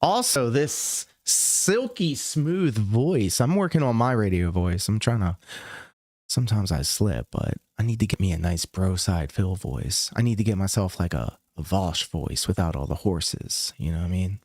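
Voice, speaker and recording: A man's voice: sits low, animated, normal speed, darkish tone, dry recording, clean studio sound. A man hosting a livestream, reacting to clips in loose, joking, profane casual commentary. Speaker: livestream host.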